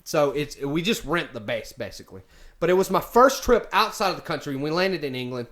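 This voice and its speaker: A man's voice: a little high, sing-song, brisk, a bit bright. A man casually telling a story, rambling with many fillers and restarts. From United States. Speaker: vlogger.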